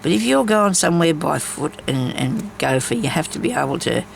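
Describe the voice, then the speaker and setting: A woman's voice: low voice, lively intonation, moderate pace, creaky, slight background noise, rough recording. A woman chats casually while she embroiders, rambling from story to story with many asides. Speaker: craft vlogger.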